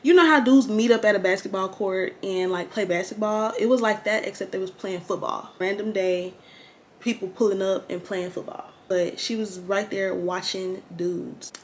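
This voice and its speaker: A young woman chatting slangily through a get-ready-with-me storytime, animated and candid. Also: medium pitch, normal speed, a little hiss or hum. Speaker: vlogger.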